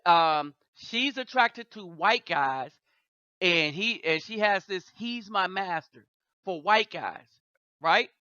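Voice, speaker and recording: A host giving reaction commentary, deliberate and checking in with rhetorical questions. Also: medium pitch, expressive, sharp tone, dry recording, muffled recording.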